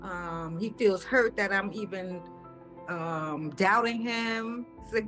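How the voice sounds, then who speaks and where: A woman's voice: medium pitch, slow, a bit bright, soft background music. A woman casually telling her own story in a conversational, hesitant, doubtful way.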